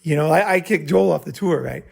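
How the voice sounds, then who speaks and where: Gravelly, husky man speaking bluntly. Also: fairly high pitch, a little fast. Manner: blunt, profane, checks in with "right?". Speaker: speaker answering audience at a summit. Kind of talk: live Q&A talk.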